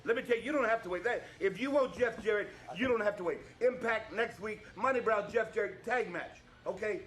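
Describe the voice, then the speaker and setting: Man, backstage wrestling segment, hyped, placating, repeats himself, fairly high voice. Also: brisk, a bit bright, a little hiss or hum. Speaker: wrestling promotion authority figure. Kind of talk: backstage promo.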